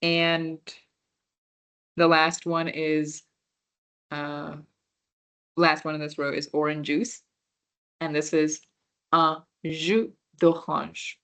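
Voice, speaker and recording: A woman's voice: low-pitched, monotone, slow, pauses often, fairly bright tone, clear, resonant tone. A young woman teaching a beginner class, explaining patiently and checking that her students understand. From Punjabi background. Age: young adult. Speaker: French workshop instructor.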